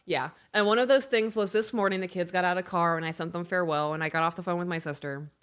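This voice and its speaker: A woman in her thirties co-hosting a casual podcast, reading aloud and telling animated stories about her kids. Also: lowish voice, fast, clean tone. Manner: animated storyteller, acts out her own raised voice. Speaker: podcast co-host.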